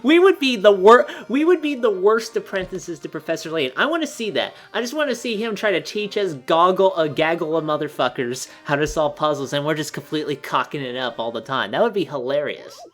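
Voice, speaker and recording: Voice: mid-range voice, lively intonation, a little fast, hardly any pauses. A co-commentator on a puzzle game who laughs often and makes crude, sweary jokes.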